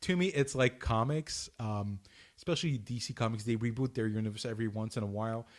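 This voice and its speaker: A man co-hosting a podcast, reading notes aloud in a halting, restart-filled way. His voice has an ordinary middle pitch. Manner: halting, many restarts, laughs easily. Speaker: podcast co-host. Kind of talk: casual chat.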